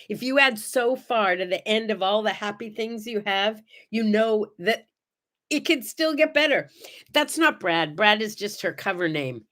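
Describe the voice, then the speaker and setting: Bubbly older lady in her 70s, slightly high voice, chatting away on her morning stream. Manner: animated, bubbly, talks to her toys and viewers. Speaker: host. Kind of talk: casual chatty livestream.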